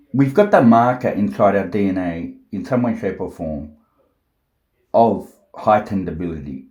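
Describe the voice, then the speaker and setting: A man talking slowly to camera at home, thinking aloud with many fillers and restarts, blunt and sometimes profane. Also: deep voice, a little mellow, roomy sound. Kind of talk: unscripted monologue to camera.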